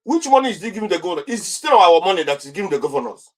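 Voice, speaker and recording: A man with a Nigerian accent and a high-pitched voice gives heated political commentary as an interview guest. He repeats himself, restarts his sentences and fires off rhetorical questions. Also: very animated, racing, low-quality recording.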